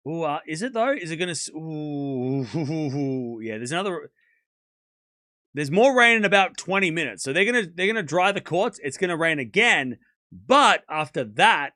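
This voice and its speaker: A man's voice: on the high side, expressive, moderate pace, sharp tone, no echo. Casual male tennis streamer, dry close sound. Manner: chatty, talks to chat, laughs often. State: sore throat. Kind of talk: casual live-stream chat.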